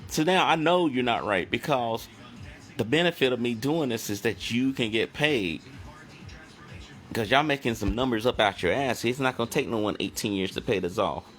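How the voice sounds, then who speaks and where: A man's voice: mid-range voice, normal speed, a bit bright, faint music behind. A man in a casual talking-to-camera monologue, recounting phone calls in a loose, blunt way. He drops swear words easily and slips into quoting both himself and the callers as he goes. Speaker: finance video host.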